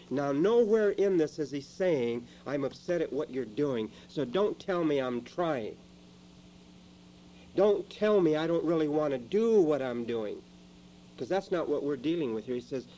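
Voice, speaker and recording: A man preaching a sermon in a church, dramatic, moving between quiet asides and loud emphatic lines. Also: on the high side, lively intonation, normal speed, slight background noise, poor audio.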